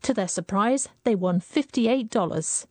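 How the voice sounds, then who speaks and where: A woman's voice: medium pitch, unhurried, dry recording. Woman reporter narrating a news story.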